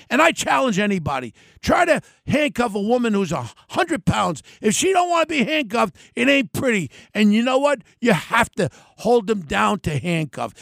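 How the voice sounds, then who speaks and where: An older man, a podcast host giving a blunt, heated solo rant in a gravelly voice. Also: very high-pitched, fairly bright tone, no echo, clean studio sound.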